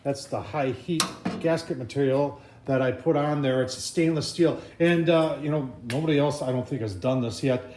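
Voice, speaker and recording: A man's voice: mid-range voice, normal speed, darkish tone, a little hiss or hum. A man hosting a casual cooking vlog, talking folksy and chatty and often addressing viewers as folks. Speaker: cooking channel host.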